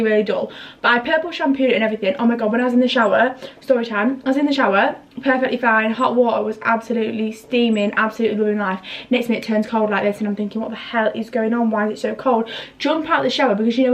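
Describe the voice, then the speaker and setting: A young woman chats through a casual home vlog, rambling into little story times and poking fun at herself. Her voice sits a touch high. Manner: chatty, self-mocking, rambling story times. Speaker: vlogger. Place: her bedroom and kitchen at home.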